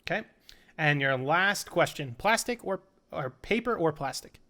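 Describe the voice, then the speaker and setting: A young man co-hosting a casual chat show, firing off playful quick questions at his friend and laughing along. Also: a little high, animated, sharp tone. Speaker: podcast co-host.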